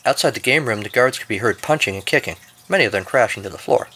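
A man's voice: medium pitch, animated, fast talker, pushed and bright, breathy edge. A man hosting a podcast, narrating a comic story and reading the outro with dry, jokey asides. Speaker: podcast host.

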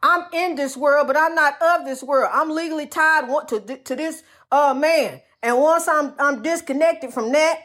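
A woman's voice: sits high, normal speed, hardly any pauses, fairly bright tone. An older woman giving spiritual advice in a folksy, preachy monologue, repeating phrases and calling the listener honey.

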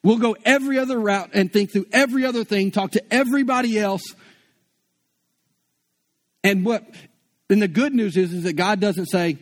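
A man with a rather high voice preaches to his congregation. He talks in a loose, conversational way, asks questions and answers them himself, and often repeats words as he goes. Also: normal speed, long pauses. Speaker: pastor. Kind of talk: sermon.

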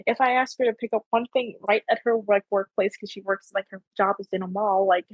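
A young woman from Ontario hosts a casual podcast, talking in loose, rambling runs full of fillers. Her voice carries a slight husky edge and sounds dry and close, with no room around it. A mild Canadian accent colors her speech. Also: medium pitch, steady tone, fairly quick, no echo, poor audio. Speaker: podcast host. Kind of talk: casual chat.

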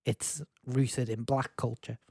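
A man's voice: mid-range voice, level tone, slow, vocal fry, darkish tone, slightly rough, no echo. A man from England co-hosting a casual music podcast, rambling through his points with lots of ums and restarts. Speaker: podcast co-host.

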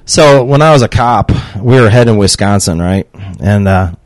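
Laughing dad telling stories. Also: male voice, on the low side, moderate pace, no echo. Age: middle-aged. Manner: laughing, profane, animated storyteller. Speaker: podcast guest, retired police officer dad. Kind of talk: casual storytelling chat.

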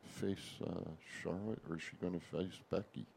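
A man co-hosting a wrestling radio chat, blunt and halting. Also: sits low, fairly even intonation, vocal fry, a little mellow, a little hiss or hum. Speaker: radio co-host.

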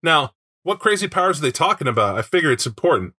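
A man in casual conversation, his voice bright and forceful, a little higher than most men's. He talks in an animated way, often slipping into playful put-on voices to act out what characters say. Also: quick pace, husky. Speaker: podcast co-host discussing a tabletop game book. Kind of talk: casual chat.

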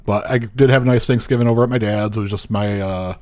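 A man's voice: on the low side, fairly even intonation, fast talker, a little mellow. A man co-hosting a podcast, joking crudely and laughing easily in casual chat. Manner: crude jokes, easy laughter. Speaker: podcast co-host.

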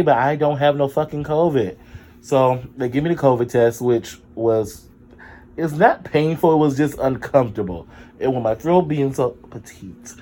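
A sick man with a sore throat and drained energy tells a story to his viewers. His voice is dark and mellow, but he jumps to high exclamations and drops in sassy asides. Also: normal speed, a little hiss or hum. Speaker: vlogger. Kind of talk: casual storytelling to camera.

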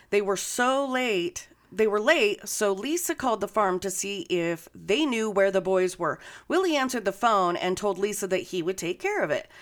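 A woman co-hosting a podcast, telling a true-crime story in a casual, profane, joking way. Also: mid-range voice. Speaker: podcast co-host.

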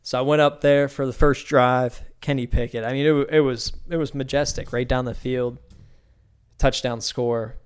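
A man's voice: medium pitch, steady tone, normal speed, smooth. A young man from Pittsburgh hosting a solo podcast, talking loosely and profanely with lots of restarts. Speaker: podcast host. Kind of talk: casual solo podcast rant.

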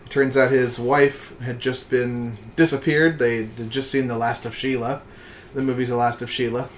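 A man's voice: medium pitch, level tone, normal speed, a little hiss or hum. A man co-hosting a casual podcast chat, laid-back and chuckling between remarks. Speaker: podcast co-host.

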